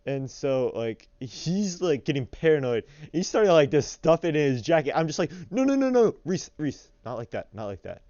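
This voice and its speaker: Young guy rambling thru a story, lots of likes, smooth voice, dry muffled recording. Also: mid-range voice, normal speed, hardly any pauses, no echo. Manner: rambling, filler-heavy, animated retelling. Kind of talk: casual storytelling voice-over.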